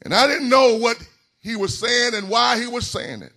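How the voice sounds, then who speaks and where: Husky high-voiced preacher man. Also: normal speed. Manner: whooping call-and-response preaching, rising into shouts. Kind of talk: sermon. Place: church.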